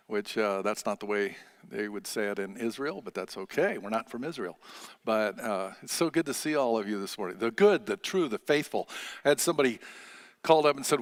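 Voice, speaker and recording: A man, preaching a sermon as pastor in a relaxed, joking, conversational way with frequent filler pauses. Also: mid-range voice.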